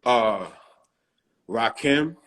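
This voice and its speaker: A man's voice: medium pitch, expressive, very slow, background noise. A middle-aged man from Long Island, a rapper guest, telling loose stories in casual interview chat and often asking "you know what I'm saying". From Long Island, New York.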